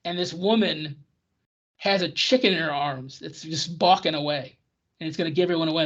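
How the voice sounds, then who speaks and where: A podcast co-host in casual chat about old television, ranting in an excitable way. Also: medium pitch, a little fast, slightly rough. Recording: dull lo-fi recording.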